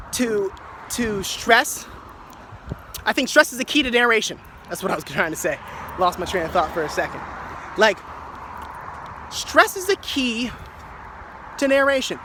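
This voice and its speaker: Man, high voice, improvised reflective talk, wordplay, restarts, faint street noise. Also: a little slow, long pauses. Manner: wordplay-driven musing with restarts and repetition. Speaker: speaker sharing reflections.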